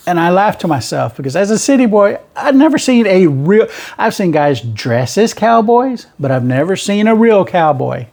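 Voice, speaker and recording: A man's voice: high-pitched, sing-song, normal speed, vocal fry, a little mellow. A middle-aged man with a rural Southern American twang, a truck driver telling his road stories in a rambling, folksy way. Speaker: truck driver and channel host. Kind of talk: casual storytelling monologue.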